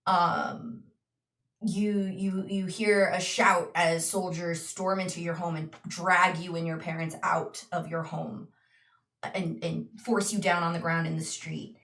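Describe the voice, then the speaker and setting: A woman runs a tabletop game, slowly painting each scene in words. Her voice sits a little low. She is heard from some distance in an echoey room. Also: level tone, fairly bright tone. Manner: slow, descriptive storytelling with restarts. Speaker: game master.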